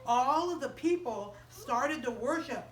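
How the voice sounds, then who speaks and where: A woman teaching a Bible story to children in a chapel, animated and quizzing them as she goes. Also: sits high, a little slow, recorded from a distance, slight background noise. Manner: animated, asks the children questions. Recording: roomy chapel, voice off-mic.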